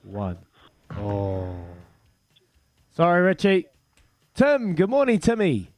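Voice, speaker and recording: A man's voice: sits high, wildly swooping pitch, slow, darkish tone, dry recording. A man with a New Zealand accent hosting a breakfast radio quiz, in jokey, matey banter. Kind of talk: casual breakfast radio chat.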